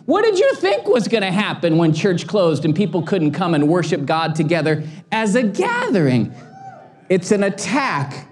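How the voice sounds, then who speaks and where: A man's voice: high voice, huge pitch swings, normal speed, darkish tone. A man in his forties, a pastor preaching a sermon with passion and humorous stories. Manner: impassioned, storytelling with humor.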